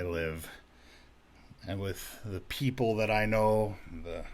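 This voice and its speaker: Man, podcast host, casual chatty intro, rambling with lots of ums, slow-paced. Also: fairly low pitch, wildly swooping pitch. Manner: rambling, with many fillers and restarts.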